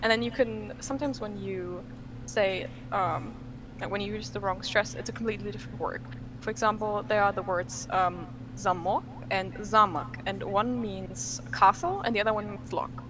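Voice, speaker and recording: A young woman from Germany, a podcast guest in casual chat, animated, laughing often, full of fillers and restarts. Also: mid-range voice, normal speed, noisy background.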